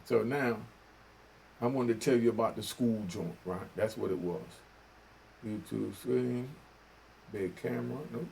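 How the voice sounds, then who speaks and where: Older man, from New York, gravelly voice, street slang, preachy vlog commentary, light hiss. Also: fairly low pitch, unhurried, pauses often, darkish tone. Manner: preachy street talk with slang, repeats "you know what I mean". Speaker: vlogger. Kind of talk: casual commentary.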